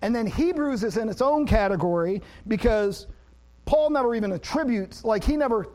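A man preaching a sermon, an animated storyteller who laughs at himself and then moves into plain teaching about scripture. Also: sits high, normal speed. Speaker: pastor.

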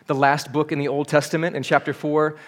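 A male pastor delivers a sermon in church, his speaking voice sitting a little higher than most men's. He preaches earnestly and presses into urgent appeals to the congregation. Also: flat delivery, brisk. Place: church service.

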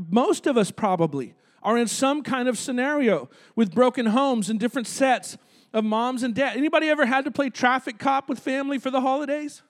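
A male pastor preaching a conversational sermon in a church, calling out to the congregation. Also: very high voice. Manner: conversational preaching with audience call-outs. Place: church sanctuary.

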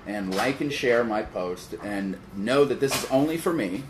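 A man teasing his friends in a casual podcast chat, with dry, deadpan jokes. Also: medium pitch, normal speed, reverberant, heavy background noise. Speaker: podcast guest.

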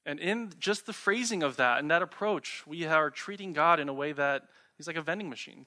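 A man's voice: on the high side, fairly quick, few pauses, bright, forceful tone. A young man preaching a sermon, talking conversationally and asking the listeners rhetorical questions. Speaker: pastor.

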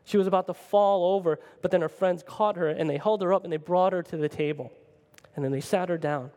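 A male pastor telling a story in a sermon, animated and conversational, often checking in with the listeners. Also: sits high, fairly quick, in a large hall. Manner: animated, conversational, keeps asking "right?".

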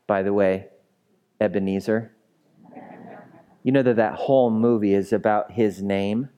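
A male pastor delivering a sermon at an unhurried pace, his voice mellow and warm rather than bright. He keeps it conversational with playful asides, then builds emphasis through repetition. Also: fairly low pitch.

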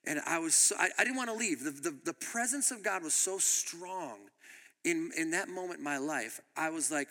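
A pastor preaching a sermon in a high, bright voice with an animated, laughing way of telling stories. The sound carries the long reverb of a church hall. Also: male voice, normal speed. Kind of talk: sermon with storytelling.

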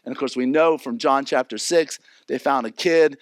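A man preaching a sermon, animated, acting out the people in his stories. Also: mid-range voice, moderate pace, dry recording. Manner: animated, acts out characters. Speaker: pastor.

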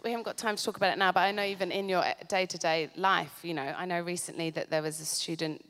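A woman's voice: lowish voice, fairly even intonation, fairly bright tone. A New woman interviewing guests on stage, effusive and gushing. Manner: effusive, gushing, quick to tears. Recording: hall reverb.

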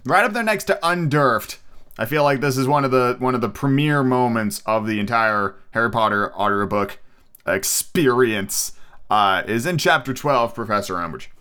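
Tired, hoarse podcast host, casual and profane. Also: male voice, mid-range voice, lively intonation, normal speed, bright, forceful tone. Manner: loose, profane, jokey.

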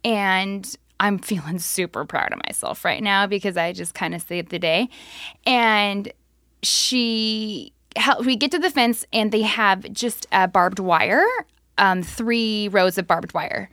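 A woman's voice: mid-range voice, slow, a bit bright, no room sound, studio quality. A woman co-hosting a podcast, telling casual self-deprecating stories and laughing through them. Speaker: podcast co-host. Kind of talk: casual storytelling.

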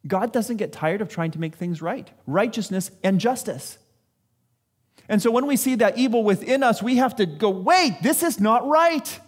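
A man's voice: high voice, moderate pace, darkish tone, breathy edge. A man giving a sermon in a conversational, self-deprecating way, acting out what people say. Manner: conversational, self-deprecating preaching with acted-out quotes. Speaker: pastor.

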